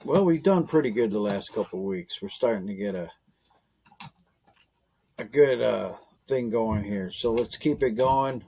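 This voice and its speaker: A man's voice: fairly low pitch, animated, a little slow, warm tone, slightly rough. A man in a casual online team meeting who rambles through his thoughts with plenty of fillers. He chuckles often, and his voice comes through a voice-chat microphone.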